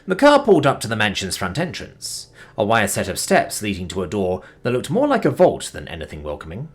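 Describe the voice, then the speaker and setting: A man narrating a science fiction story as an audiobook reader, with an expressive reading. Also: on the low side, a little fast, breathy edge.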